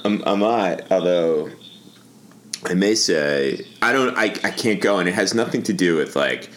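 A man's voice: sits low, animated, measured pace. A man co-hosting a podcast, chatting casually and telling a story through bursts of laughter. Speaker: podcast co-host. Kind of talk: casual chat.

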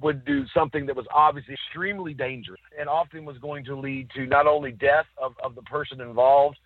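A man co-hosting a casual chat, telling stories with lively acted-out quotes. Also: a little high, slightly rough, no echo. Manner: animated storyteller, acts out quotes. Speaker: podcast co-host. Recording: dry, tinny phone-like sound.

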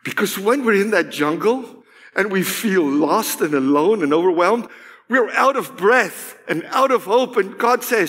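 A man preaches in a high, lively voice that climbs and falls dramatically. He takes his time, lingering over words before sinking into hushed tones. The long reverb of a big hall trails behind him. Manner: impassioned, swinging from loud high declarations to hushed, drawn-out words. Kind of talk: sermon. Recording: echoey hall.

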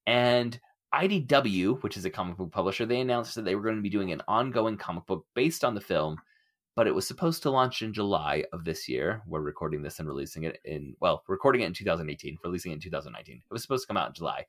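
A middle-aged man hosting a casual podcast discussion, animated and laughing often as he acts out quotes. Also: sits low, fast. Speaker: podcast host.

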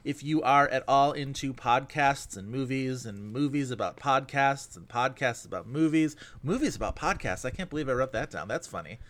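A man's voice: medium pitch, fairly bright tone. A man hosting a movie podcast, bantering and joking in casual chat. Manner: jokey, quick banter. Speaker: podcast host.

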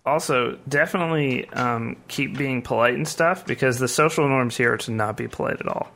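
A young man from the United States speaks with a bright, forceful tone and a mid-range pitch. He trades blunt, laughing banter and reads listener mail on a casual podcast. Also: moderate pace, vocal fry, slight background noise. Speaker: podcast co-host. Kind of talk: casual chat.

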